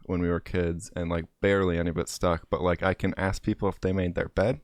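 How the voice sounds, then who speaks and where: A man's voice: low voice, little pitch movement, fast, no room sound. A man hosting a casual video-call chat, rambling with lots of fillers and laughs. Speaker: streamer host.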